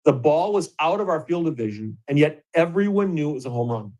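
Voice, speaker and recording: A man's voice: a little high, fairly quick, rough recording. Chuckling middle-aged man spinning a story. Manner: animated anecdote-telling, chuckling, many restarts. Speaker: host. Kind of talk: casual storytelling.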